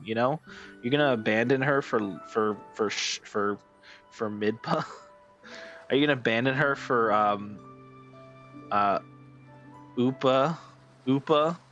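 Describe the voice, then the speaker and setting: A man streams and chats casually with his live chat, rambling with lots of fillers and restarts and getting excited when something amuses him. His pitch is fairly low.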